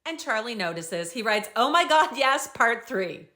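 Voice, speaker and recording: A woman's voice: fairly high pitch, big pitch swings, a little slow, bright, forceful tone. A young woman host recapping and reading out social media comments in an upbeat, bubbly way.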